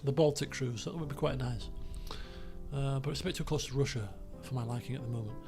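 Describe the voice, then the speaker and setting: A man streaming a geography guessing game, chatty and excitable, swearing and breaking into shouts when frustrated. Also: medium pitch, brisk, gravelly, over music. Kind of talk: casual live-stream commentary while playing a geography guessing game.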